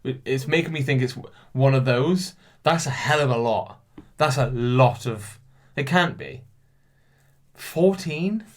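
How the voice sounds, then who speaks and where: A young man hosts a relaxed solo podcast, reading quiz questions out loud and answering them himself. He stumbles over names and laughs at his own mistakes, his pitch sitting at a middle level for a man. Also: unhurried. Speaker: podcast host.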